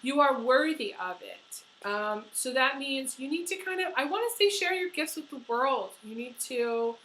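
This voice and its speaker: A woman's voice: sits high, animated, normal speed, fairly bright tone, a little hiss or hum, rough recording. A woman giving a tarot horoscope reading, talking earnestly and emotionally with many fillers and restarts. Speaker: tarot reader.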